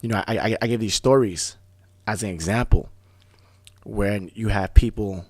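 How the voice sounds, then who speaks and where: A man hosting a talk radio show, telling stories in a casual, animated way, often restarting words. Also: on the low side, no echo. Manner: animated storyteller, fast bursts, repeats and restarts words. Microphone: studio microphone.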